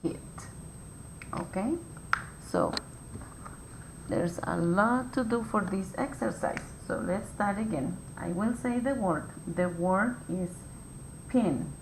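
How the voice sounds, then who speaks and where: Slow, patient woman teaching phonics. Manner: slow, clear, patient step-by-step instructions. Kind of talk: phonics lesson for young children. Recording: echoey room with faint rumble.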